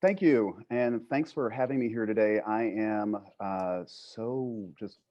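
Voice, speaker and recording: A man's voice: on the low side, slow, mellow, dull audio. A man from Wisconsin, a guest artist, thanking his hosts and opening his presentation. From Milwaukee, Wisconsin.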